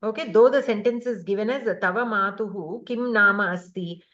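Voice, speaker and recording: A woman teaching a grammar class over a video call, explaining patiently step by step with many pauses and fillers. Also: mid-range voice, fairly bright tone, dull audio.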